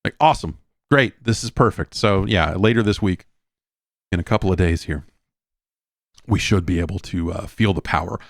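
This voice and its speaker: A man's voice: sits low, normal speed, vocal fry, pauses often, dry recording, studio quality. A middle-aged man hosting a podcast, rambling casually and breaking into profane rants. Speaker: podcast host. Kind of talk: casual monologue.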